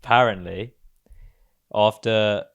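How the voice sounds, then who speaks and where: A man's voice: fairly low pitch, steady tone, slow pace, fairly bright tone, smooth. A man co-hosting a podcast, telling a story with dramatic delivery. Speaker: podcast co-host. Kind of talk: casual chat.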